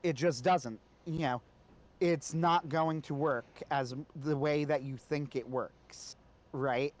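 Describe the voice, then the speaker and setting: A man's voice: fairly high pitch, steady tone, slow. A man co-hosting a casual podcast discussion, talking conversationally and often checking in with "right?". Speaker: co-host.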